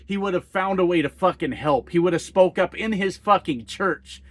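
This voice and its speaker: A fired-up American trucker rants straight into the camera, swearing freely and hammering rhetorical questions. His voice sits high for a man, and the sound is dry and close, with no room around it. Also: moderate pace, no room sound. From United States. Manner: heated, profane, rhetorical questions. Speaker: trucker vlogger. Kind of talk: angry political rant to camera.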